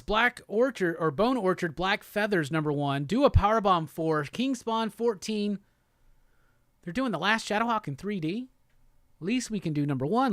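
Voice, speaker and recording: High-voiced casual male streamer. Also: fairly bright tone, no room sound, studio quality. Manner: loose, profane, rambling, reads viewer comments aloud. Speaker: live show host reading chat. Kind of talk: casual livestream chat.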